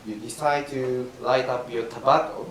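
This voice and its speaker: A man playing an older yawning teacher in rakugo comic storytelling, speaking in a calm, instructive way. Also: mid-range voice, normal speed, pitched below the performer's own voice, natural voice. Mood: calm instructing. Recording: roomy, distant mic, faint hiss.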